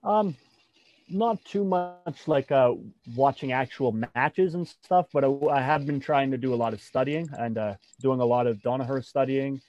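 A man's voice: mid-range voice, moderate pace, darkish tone, no echo. A man who competes in and teaches jiu-jitsu, talking in a casual interview with many fillers and restarts. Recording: dull, dry sound.

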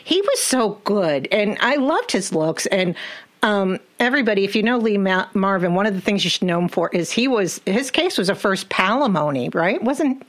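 A woman's voice: medium pitch, sing-song, moderate pace. Female podcast host, casual chat, enthusiastic, speaks to the audience. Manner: chatty and enthusiastic, addresses listeners as everybody.

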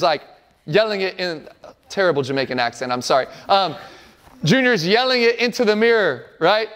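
A male pastor around forty delivers a sermon in a fairly high voice. He speaks earnestly and with emphasis, building his points through repeated phrases. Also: expressive, normal speed, fairly bright tone.

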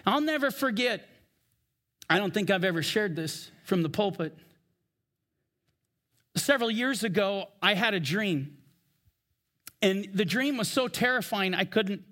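A man preaching a sermon from the pulpit, emphatic, slowing down for scripture readings. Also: high voice, bright, forceful tone. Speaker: pastor. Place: church.

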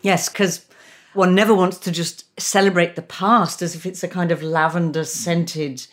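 A woman author who reads her own book aloud expressively and then talks about it in a reflective, measured way. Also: lowish voice, fairly even intonation. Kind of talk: book reading and radio chat.

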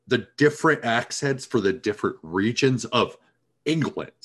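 A man's voice: medium pitch, animated, moderate pace. A man co-hosting a casual podcast, teasing his friend and rambling with fillers. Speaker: podcast co-host. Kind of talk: casual chat.

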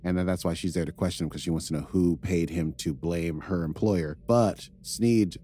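A man recapping an episode in relaxed, wry chat, chuckling at his own asides. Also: low voice, normal speed, breathy edge. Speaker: podcast co-host recapping episodes.

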